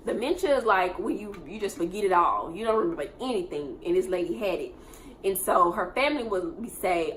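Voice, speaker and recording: A young woman, telling a work story in a casual storytime monologue and swinging between low mutters and loud, profane outbursts. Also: lively intonation, brisk, slight background noise.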